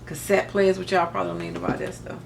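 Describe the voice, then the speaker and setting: Middle-aged lady rambling thru a craft haul, kinda gravelly voice, faint hiss behind. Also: on the low side, little pitch movement, fast talker. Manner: chatty, rambling, self-joking asides. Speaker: crafting vlogger. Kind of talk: casual haul show-and-tell.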